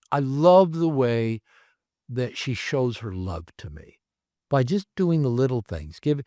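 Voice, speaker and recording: A man, a therapist and author, telling stories in a casual interview, rambling and animated with many fillers. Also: mid-range voice, dry recording, clean studio sound. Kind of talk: casual conversational storytelling. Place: his home.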